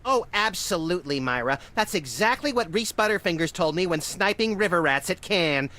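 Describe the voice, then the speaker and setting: A man voicing a bright, manic, egotistical little creature. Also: high voice, expressive, normal speed. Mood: smug. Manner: sardonic, self-absorbed, theatrical. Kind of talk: video game voice acting.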